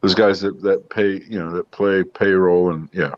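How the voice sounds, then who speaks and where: Low-voiced man, dry dull sound. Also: steady tone, moderate pace, no echo. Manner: easygoing, rambling with fillers. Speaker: parts salesman. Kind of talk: casual garage chat.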